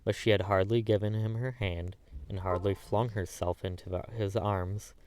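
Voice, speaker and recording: A man's voice: on the low side, fairly even intonation, normal speed, darkish tone, slight background noise. A man narrating a classic novel as an audiobook, reading the dialogue plainly with little change of voice between the characters.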